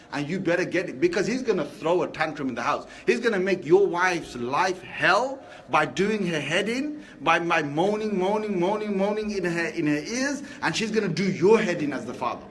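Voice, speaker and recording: A man giving a Friday sermon, talking in a lively, conversational way and asking the congregation rhetorical questions. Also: sits high. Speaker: preacher.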